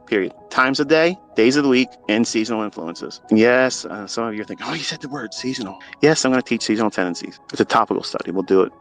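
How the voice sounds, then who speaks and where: A middle-aged man, a trading mentor, giving an impassioned motivational talk into a phone, blunt and preachy, swearing freely and swinging between hushed and loud. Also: fairly low pitch, quick pace, hardly any pauses, soft background music.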